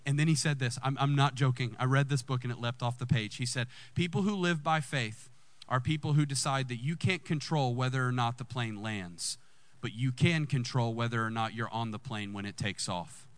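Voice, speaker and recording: A man, a lead pastor telling a personal story in a sermon and jumping high in pitch when excited. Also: normal speed, dry recording.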